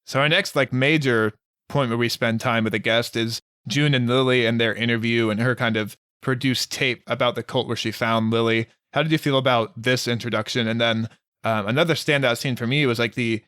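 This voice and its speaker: A man in casual podcast chat, relaxed as he raises questions about a film. His voice is smooth and resonant, recorded close and dry. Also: mid-range voice, no room sound. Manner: relaxed, asks discussion questions. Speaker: podcast co-host reviewing a film.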